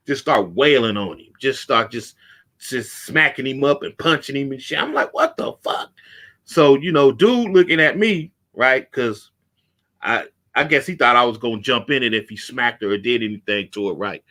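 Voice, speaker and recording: A man hosting a casual talk show, telling a street story with lively acted-out quotes. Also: mid-range voice. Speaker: podcast host.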